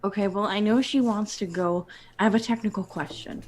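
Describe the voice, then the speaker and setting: A woman's voice: mid-range voice, a little fast, darkish tone. A chatty woman at a tabletop game, asking rule questions with a joking, easygoing manner. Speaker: player. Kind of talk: casual tabletop play.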